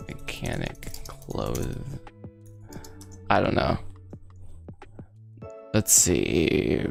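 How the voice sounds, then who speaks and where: A man's voice: mid-range voice, fairly bright tone. Rambling young man chatting while working. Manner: rambling, laughs often, lots of fillers. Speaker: 3D artist streaming his work. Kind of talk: casual live chat while working.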